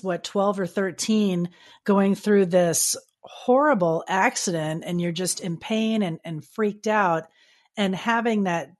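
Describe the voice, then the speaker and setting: A woman interviewing an author, engaged and asking long flowing questions. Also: medium pitch. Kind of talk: conversational interview.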